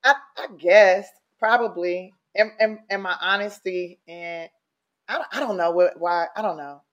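A woman guest speaking bluntly and candidly in a casual interview, animated and salty, mimicking people as she goes. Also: on the low side, measured pace, highs cut off.

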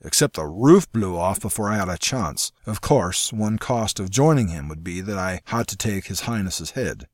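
A man voicing a gruff, proud mercenary commander. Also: deep voice, expressive, moderate pace, hardly any pauses, no echo, studio quality. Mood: wry. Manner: gruff, blunt, sardonic. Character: hardened male mercenary commander, blunt and proud.

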